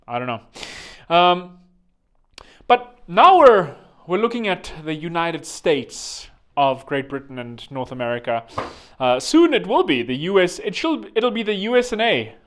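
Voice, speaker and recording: A man hosting a solo podcast, joking and rambling with self-mocking asides and sudden loud bursts. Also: mid-range voice, smooth. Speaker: podcast host. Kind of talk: jokey solo podcast monologue. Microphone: studio microphone.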